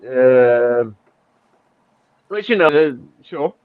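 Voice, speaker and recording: A man's voice: mid-range voice, animated, extremely slow, clear, resonant tone, no echo. A man hosting a casual podcast chat, mocking and swearing as he reads out an online argument. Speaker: podcast host. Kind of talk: casual chat, reading out tweets. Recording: dull lo-fi, dry.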